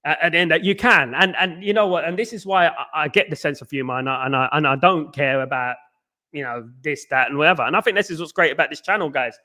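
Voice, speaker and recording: A man rambles casually to his live-stream viewers, full of fillers and restarts. His voice sits fairly high and sounds bright and tense. He talks straight to the audience as a football watchalong host. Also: fast. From England.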